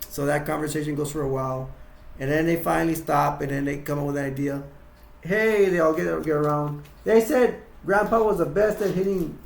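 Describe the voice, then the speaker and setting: Using toys, a man with a fairly high, creaky voice casually recounts a horror movie scene by scene, rambling, restarting, and shouting out the characters' quotes. The sound is reverberant.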